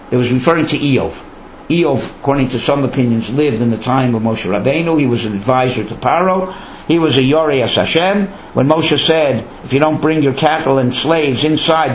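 A man's voice: mid-range voice, slight background noise. Man giving a roomy, lo-fi Torah talk. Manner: conversational, asks rhetorical questions. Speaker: Torah teacher. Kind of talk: Torah lecture. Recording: roomy, dull lo-fi with faint ambience.

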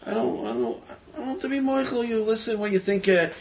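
Cold snippy woman, high voice, brushes everyone off, man doing it. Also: animated, fairly quick, dark tone. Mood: scornful. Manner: scornful, curt. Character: cold dismissive married woman.

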